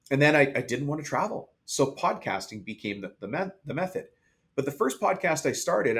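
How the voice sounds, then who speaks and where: A man speaking as a podcast guest, a business coach for the trades, talking candidly and telling stories in conversational interview style. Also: mid-range voice. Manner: candid, storytelling, mimics others in quotes.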